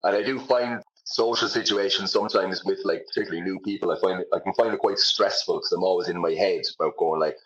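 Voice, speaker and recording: A man's voice: low-pitched, fairly even intonation, fast talker, few pauses, muffled recording. A young Irish man, a comedian, chatting casually in an interview, self-deprecating, with lots of fillers. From Ireland. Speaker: comedian guest.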